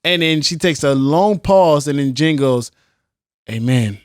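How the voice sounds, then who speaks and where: A man's voice: a little high, moderate pace, clean tone, dry recording, studio quality. A man co-hosting a podcast, telling the story of a reality-TV scene in casual slang and acting out quoted lines. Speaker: podcast co-host. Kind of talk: casual reality-TV recap chat.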